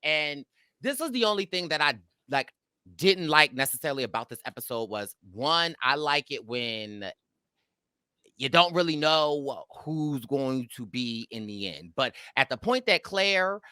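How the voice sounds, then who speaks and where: A man hosts a casual recap chat, his voice bright and forward. He rambles, restarts sentences and hunts for names as he talks. The sound is dry and close. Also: fairly high pitch, big pitch swings, a little slow, clean tone, no echo. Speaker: podcast host.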